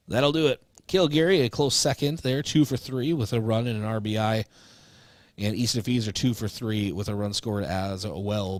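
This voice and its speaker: A man calling local high school baseball on radio, reading stats and chatting casually with fillers. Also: no room sound. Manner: relaxed, chatty recap with fillers. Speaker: play-by-play announcer. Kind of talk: local radio sports broadcast.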